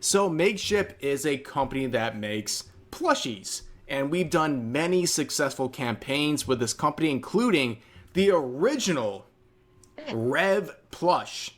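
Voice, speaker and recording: A man online creator ranting casually in a groggy morning voice, brisk and indignant. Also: fairly high pitch, expressive, a bit bright. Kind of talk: casual video rant.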